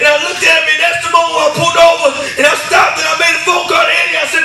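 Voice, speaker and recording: A man giving an impassioned church testimony, stammering through repeated words and building up to shouts. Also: very high-pitched, flat delivery, rapid-fire, creaky, heavy reverb, recorded from a distance, low-quality recording. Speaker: testimony speaker. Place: church hall.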